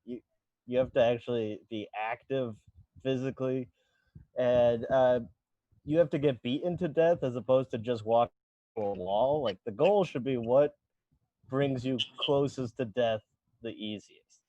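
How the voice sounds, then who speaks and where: A man's voice: medium pitch, unhurried, warm tone, dry recording, lo-fi sound. A man competing in a comedy debate, rambling through absurd jokes. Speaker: debate contestant. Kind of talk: comic debate banter.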